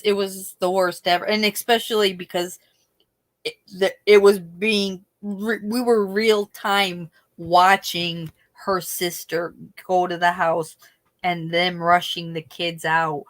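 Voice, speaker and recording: Chatty, animated woman. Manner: chatty, animated, laughs often, trails off into sad lows. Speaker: livestream host. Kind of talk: casual livestream chat.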